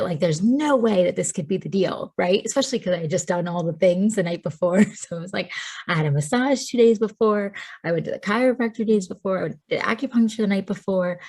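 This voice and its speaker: A chatty woman from Tennessee in her thirties, telling her story as a podcast guest. Her voice sits a little low, and she laughs often and says "like" a lot. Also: a little mellow. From Tennessee, USA. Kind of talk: casual storytelling.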